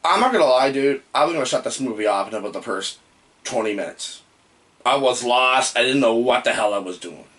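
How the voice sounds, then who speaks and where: Rambling, excitable male horror reviewer. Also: medium pitch, fairly quick. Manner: rambling, excitable, jokey, yelps and outbursts. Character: male demon posing as human host. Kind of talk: comedic in-character movie review.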